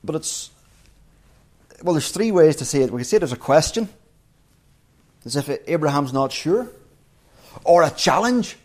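A man preaching an evening sermon, reflective and measured, slowing down to read scripture aloud. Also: a little high, expressive, darkish tone.

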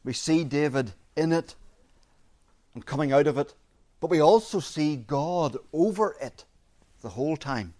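Man preaching an emphatic, measured sermon. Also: fairly high pitch, lively intonation, darkish tone. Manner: measured, emphatic, repeats key phrases. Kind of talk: expository sermon.

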